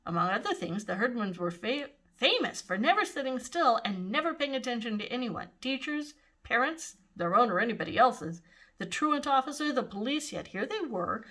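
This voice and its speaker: An older woman reads a children's novel aloud with expressive, animated delivery. Her voice is bright and sits fairly high. Her pitch rises and falls a great deal. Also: moderate pace. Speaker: storyteller.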